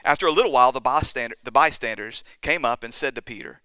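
A man's voice: mid-range voice, fast, hardly any pauses, sharp tone, clean tone, no echo. A man preaching a sermon in an earnest way, acting out quoted lines and building to emphatic peaks. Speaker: pastor.

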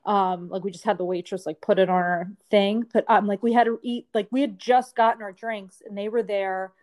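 A woman's voice: mid-range voice, steady tone, a little fast, darkish tone. A woman co-hosting a podcast, telling a rambling story in casual chat, full of "like" fillers. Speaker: podcast co-host.

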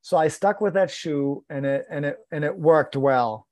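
Man, higher-pitched, podcast guest, casual storytelling, self-deprecating, voices the other people, dry close sound. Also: normal speed, no echo. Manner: lively, acts out quoted dialogue, self-deprecating.

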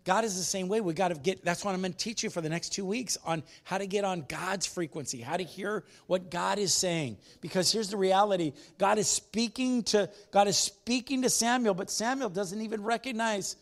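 A man's voice: high-pitched, moderate pace, few pauses. A man preaching a sermon as pastor, emphatic, repeating his phrases and putting questions to the congregation.

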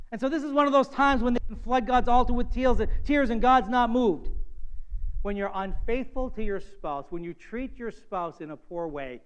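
A man's voice: very high voice, moderate pace, smooth, dull audio. A man preaching a sermon as pastor, earnest and direct, sometimes acting out the voices of the people and of God.

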